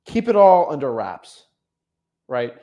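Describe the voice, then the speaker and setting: A young man giving casual motivational advice as a real estate coach, animated, often repeating and restarting words. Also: medium pitch, slow pace, highs cut off. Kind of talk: casual motivational vlog talk.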